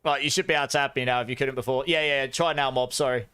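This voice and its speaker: A man's voice: medium pitch, steady tone, racing, pushed and bright, clean tone, no room sound. A young man hosting a live game stream, chatting upbeat with viewers and calling out giveaway winners. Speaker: streamer host.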